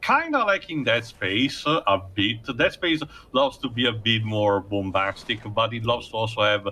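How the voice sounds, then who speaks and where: A man's voice: on the low side, expressive, moderate pace, sharp tone, a little hiss or hum. A man hosting a let's play, rambling through gameplay commentary with many fillers.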